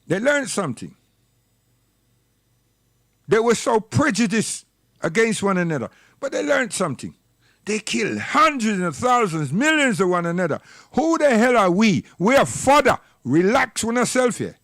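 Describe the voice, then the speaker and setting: Man with a high voice, preachy and scolding, dry close sound, for a livestream rant. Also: sing-song, moderate pace, fairly bright tone, dry recording. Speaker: livestream commentator. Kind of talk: impassioned livestream monologue.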